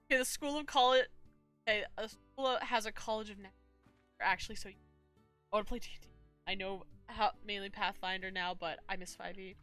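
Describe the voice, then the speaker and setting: A woman's voice: mid-range voice, steady tone, brisk, sharp tone, clear, resonant tone, soft background music. A woman streaming a game live, chatting casually, reading chat aloud and yelping and swearing at the game. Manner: reads chat messages aloud playfully. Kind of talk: casual gameplay commentary.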